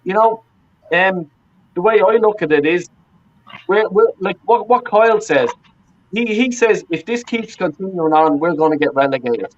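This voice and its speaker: Male panelist, higher voice, heated and profane, dull lo-fi audio. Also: lively intonation, normal speed. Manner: profane, ranting, repeats himself. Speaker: fan panelist. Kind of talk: heated football fan panel chat.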